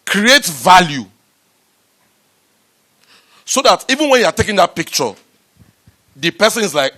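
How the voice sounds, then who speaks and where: A man giving a lively motivational talk to a live audience about raising startup money, repeating himself and rising to loud, emphatic bursts. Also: sits high, moderate pace, pauses often. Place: event room with an audience.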